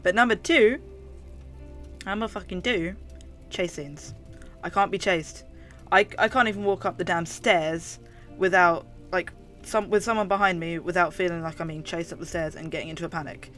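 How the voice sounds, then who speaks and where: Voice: medium pitch, steady tone, moderate pace, a bit bright, soft background music. A gamer with a London accent and a slight lisp, commenting on a horror game in a chatty, jumpy way, swearing often. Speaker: gaming video host. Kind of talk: let's play commentary.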